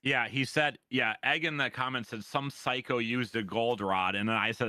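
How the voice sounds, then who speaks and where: A man's voice: mid-range voice, normal speed, pushed and bright, no room sound. A man from Minnesota hosting a podcast, asking questions in a chatty way with lots of fillers. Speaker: podcast host. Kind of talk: casual chat, interviewing.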